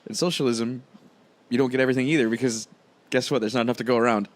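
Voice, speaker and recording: Average-pitched guy chatting on a podcast, blunt, swears a lot. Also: steady tone, quick pace. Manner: blunt, profane, laughs at his own jokes. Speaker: podcast co-host. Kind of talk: casual chat.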